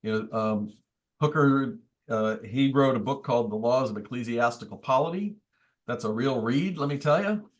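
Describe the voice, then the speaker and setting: Priest leading a relaxed book study. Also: male voice, mid-range voice, moderate pace. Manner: thoughtful, explanatory, wry asides. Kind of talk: conversational teaching. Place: church meeting room.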